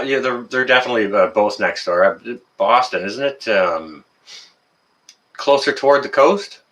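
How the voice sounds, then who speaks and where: A Canadian livestream host chats casually at a moderate pace, greeting viewers by name and leaning on plenty of fillers. His fairly low voice is animated, pushed and bright.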